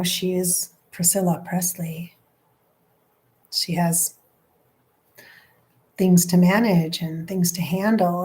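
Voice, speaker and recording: A woman's voice: lowish voice, mellow. Emotional woman psychic with whispered asides. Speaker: psychic medium. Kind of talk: live-stream channeling session.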